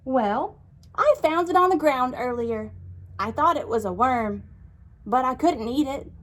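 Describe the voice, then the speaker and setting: A woman voicing a cheerful little male bird in a read-aloud storybook, in a high, bouncy voice. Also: animated, measured pace, fairly bright tone, heavily acted.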